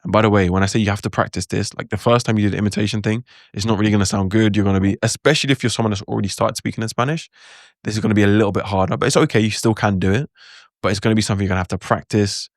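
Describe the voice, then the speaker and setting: Low-voiced man, chatty teacher. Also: steady tone, rapid-fire, dry recording, clean studio sound. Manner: chatty, many "like" fillers, reflective asides. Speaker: language teacher. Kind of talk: casual spoken lesson to camera.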